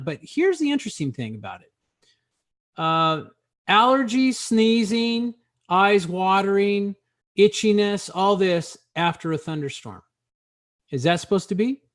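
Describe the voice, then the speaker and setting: A man's voice: fairly high pitch, no echo, clean studio sound. A man hosting a casual talk show, joking and rambling with many hesitations. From Arizona. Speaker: host.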